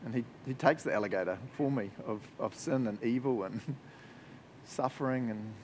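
A man's voice: mid-range voice, normal speed, a little mellow, slight background noise. A man preaching a casual sermon with enthusiasm, often laughing and checking in with "right?" and "eh?". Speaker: pastor.

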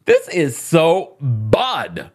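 A woman's voice: deep voice, very slow. A woman with a London accent co-hosting a podcast, reading a news report aloud and reacting to it as she goes. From England. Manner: animated, breaks off reading to react. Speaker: podcast co-host.

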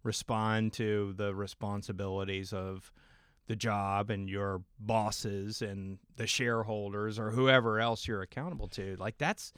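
A man's voice: fairly low pitch, steady tone, measured pace, fairly bright tone, clean tone, no echo, studio quality. Easygoing man podcast co-host. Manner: easygoing, agreeable, hesitant restarts. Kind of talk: casual chat.

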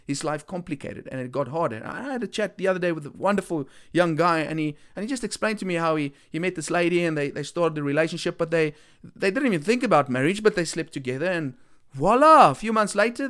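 A man's voice: on the high side, fairly bright tone. A man, an earnest Christian speaker who repeats points for emphasis and often restarts his sentences. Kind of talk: earnest preaching talk.

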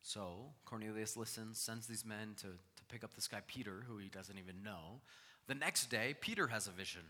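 Male pastor, animated sermon delivery, bright forceful voice, long hall reverb. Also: fairly low pitch, normal speed. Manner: animated preaching, acting out scripture voices.

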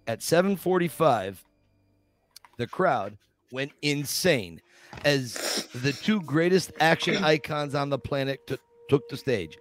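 A man's voice: fairly high pitch, expressive, slow, soft background music. A man reading a first-person memoir chapter aloud as a podcast host, with light laughs now and then.

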